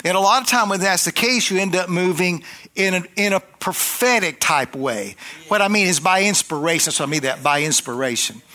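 A man's voice: high-pitched, animated, brisk, bright, forceful tone. A middle-aged man preaching a sermon in a rambling, conversational way, telling a healing story with restarts and asides to the congregation.

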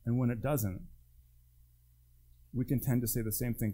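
This pastor's voice is medium in pitch, mellow and steady, at a normal speed with frequent pauses. He preaches conversationally but with emphasis, asking the congregation direct questions and acting out quotes.

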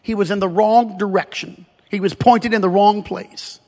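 A man preaching a sermon, animated and emphatic, joking with the congregation between scripture readings. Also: sits high, moderate pace. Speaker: pastor. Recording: long hall reverb.

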